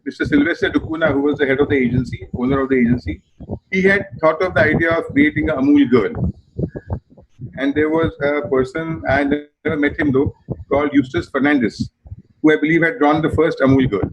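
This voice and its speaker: An older man with an Indian English accent, telling stories from his advertising and theatre career in an emphatic, animated way. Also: a little high, a little fast, creaky. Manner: animated, emphatic, repeats phrases in threes. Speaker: advertising and theatre veteran guest. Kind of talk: reflective storytelling interview answer. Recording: muffled video call audio with noise.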